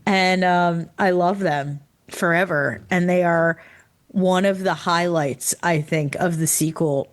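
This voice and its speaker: A tired woman co-hosting a podcast in casual chat, excited and laughing often. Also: on the low side. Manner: excited, laughs often, puts on quick character voices. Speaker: podcast co-host.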